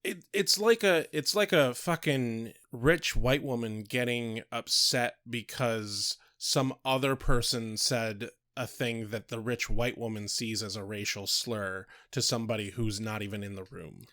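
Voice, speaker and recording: Blunt swearing podcast host, dry sound. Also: male voice, mid-range voice, a little slow, few pauses, fairly bright tone, dry recording. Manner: blunt, profane ranting. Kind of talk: casual chat.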